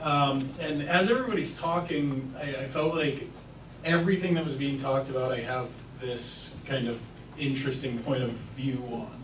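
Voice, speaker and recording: A man's voice: mid-range voice, fairly even intonation, normal speed, fairly bright tone, a little hiss or hum. A man in his thirties from New Hampshire telling his recovery story at an event, earnest and a little nervous. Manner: earnest, laughs nervously, filler-heavy. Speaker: recovery worker speaking at an event. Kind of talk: personal public speech. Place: event hall. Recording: roomy hall, distant mic.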